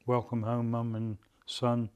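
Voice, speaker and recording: A middle-aged father recalling the past in a documentary interview, speaking slowly and hesitantly, with frequent pauses and fillers. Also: medium pitch, completely flat delivery, darkish tone, clean tone.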